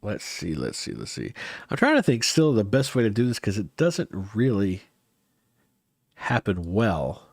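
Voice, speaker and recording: A man's voice: fairly low pitch, huge pitch swings, a little slow, darkish tone, no echo, studio quality. Rambling man chatting on a livestream. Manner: rambling, hesitant, frequent restarts. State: stuffy nose. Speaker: livestream host. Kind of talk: casual livestream chat with viewers.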